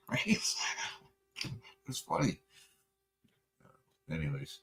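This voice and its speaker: A man holds forth in loose podcast chat, cursing freely and building up as he rants. His pitch is ordinary for a man. The delivery is animated and rough-edged. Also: extremely slow, pauses often, rough recording. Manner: profane, animated ranting. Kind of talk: casual late-night chat.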